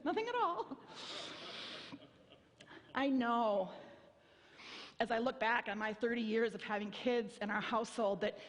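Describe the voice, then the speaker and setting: A woman pastor in her fifties preaching a sermon, telling stories in a wry, self-mocking way and acting out voices. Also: fairly high pitch. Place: church sanctuary. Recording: long hall reverb.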